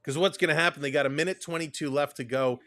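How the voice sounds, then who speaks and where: A man hosting a live hockey watch-along, calling the play and chatting with viewers, quick to laugh. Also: fairly high pitch, no room sound. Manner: excitable, laughs often, reads out viewer comments.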